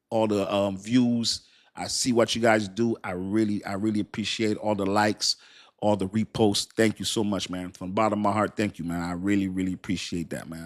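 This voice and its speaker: A man hosting a casual crypto live stream, chatty and repetitive, often thanking his viewers. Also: on the low side. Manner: chatty, repeats himself, thanks viewers warmly.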